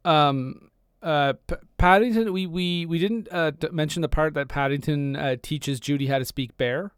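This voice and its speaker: A young man in his twenties co-hosting a podcast in a relaxed, joking chat. His voice is smooth and clear, a little high for a man. It is recorded close and dry. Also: normal speed, dry recording. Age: 20s. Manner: laid-back, joking, casual swearing. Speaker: podcast co-host. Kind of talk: casual film chat.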